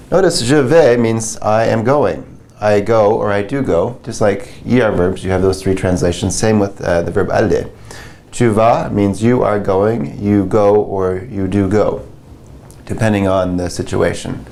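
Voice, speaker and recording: Slow, low-voiced man teaching grammar. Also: a little mellow. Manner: patient, conversational teaching with fillers and restarts. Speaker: French teacher. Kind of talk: explaining grammar in a lesson.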